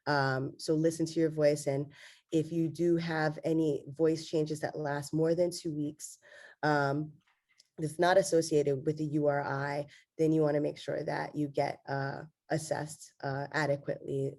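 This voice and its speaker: A woman's voice: sits low, normal speed. A woman laryngologist giving an online medical lecture, with a congested, nasal voice and frequent "um"s. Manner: steady explanatory delivery with frequent fillers.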